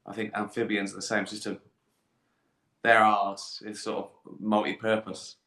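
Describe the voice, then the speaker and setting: A man's voice: lowish voice, completely flat delivery, normal speed, sharp tone, echoey room. A middle-aged man hosting a casual live stream, answering viewer questions in a rambling, jokey way and laughing at his own jokes.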